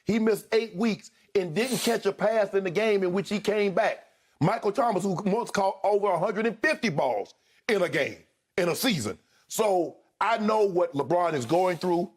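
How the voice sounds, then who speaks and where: A man's voice: high-pitched, lively intonation, moderate pace. A man co-hosting a sports debate show, arguing emphatically and repeating his points.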